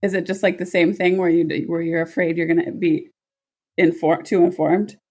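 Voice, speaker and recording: While traveling, a woman co-hosts a podcast, chatting casually, teasing, and asking questions into a tiny mic clipped to a cup. Her voice is lowish and darkish, with little pitch movement and a moderate pace.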